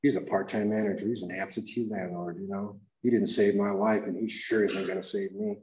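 A man's voice: on the low side, fairly even intonation, brisk, darkish tone, a little hiss or hum. A man telling his personal recovery story to a room full of people in a raw, confessional way. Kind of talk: personal testimony to a live audience. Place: room with an audience. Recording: echoey room.

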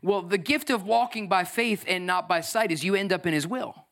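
A man in his thirties preaching a lively sermon as pastor, acting out voices and swinging from loud bursts to soft, tearful moments. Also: high voice, normal speed. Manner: energetic, acts out voices, swings from shouting to near tears.

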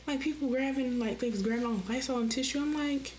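Sassy, high-voiced woman rambling on her podcast. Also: fast, slight background noise. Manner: animated, sassy, jumps into mimicked voices. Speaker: podcast host. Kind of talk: casual rambling monologue.

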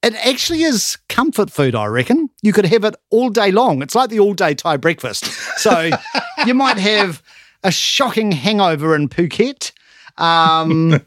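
A man's voice: sits high, sing-song, a little slow, a bit bright, no room sound. A New man chatting casually as a co-host, laughing often. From New Zealand. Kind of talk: casual chat.

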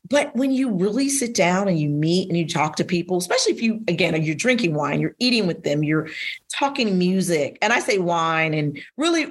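A woman in her forties from Indiana, telling lively stories as a guest on a casual podcast interview. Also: on the low side, a little fast, breathy edge. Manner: animated storyteller, acts out quotes. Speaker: guest, wine business owner.

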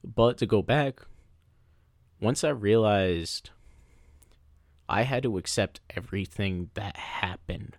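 A man co-hosting a casual podcast, telling a personal story in an animated way and slipping into playful voices. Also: fairly low pitch, takes it slowly, long pauses, no room sound, clean studio sound. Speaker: podcast co-host. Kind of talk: casual chat.

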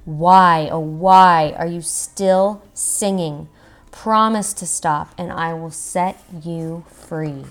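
A woman voicing a cranky, bullying old male mayor in a storybook read-aloud, gruff and snapping. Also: fairly low pitch, slow pace. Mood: pleading.

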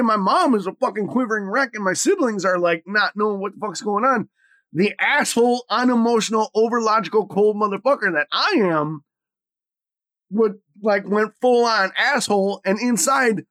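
A middle-aged man with a high-pitched voice chats as a podcast co-host, blunt and full of swearing. The sound is dry and close, with no room echo. He moves between loud bursts and quiet, reflective stretches. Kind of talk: casual chat.

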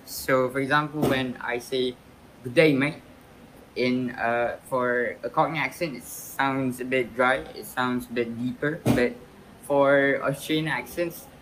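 A man's voice: medium pitch, a bit bright, slight background noise, rough recording. A young man speaking as a podcast guest, answering questions with frequent fillers and restarts. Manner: hesitant, many "uh" fillers and restarts. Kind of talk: casual interview answers.

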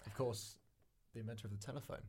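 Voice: medium pitch, fairly even intonation, quick pace, a little mellow, husky. Rambling podcast co-host. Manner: rambling, laughs often. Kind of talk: casual chat.

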